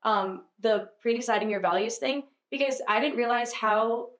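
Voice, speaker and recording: Young woman, podcast guest, casual and chatty, slightly high voice, echoey room. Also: normal speed. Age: young adult. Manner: chatty, lots of "like", laughs easily. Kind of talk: casual faith chat.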